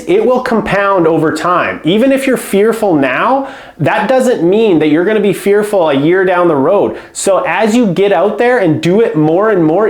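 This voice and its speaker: Man with a high voice coaching in an echoey room. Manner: speaks up firmly, stresses words. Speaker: home care business coach. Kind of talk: instructional talk to camera.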